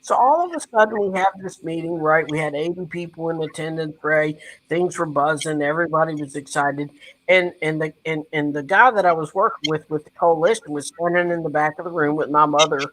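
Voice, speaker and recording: A man from West Virginia, a guest in an interview, telling a story in an earnest, animated way and speaking to the host by name. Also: a little high, fairly quick, poor audio. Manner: animated, acts out quoted dialogue.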